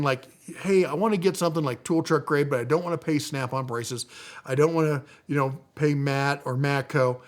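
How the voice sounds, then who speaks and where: A man hosting a tool deals show, talking through products in a chatty, enthusiastic way with plenty of fillers and restarts. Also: on the high side. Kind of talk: casual product rundown.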